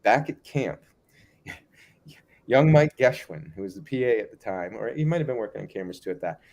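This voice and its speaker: A man telling a long anecdote as a guest in a casual interview, animated and acting out other people's lines. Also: lowish voice, normal speed, creaky. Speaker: guest storyteller.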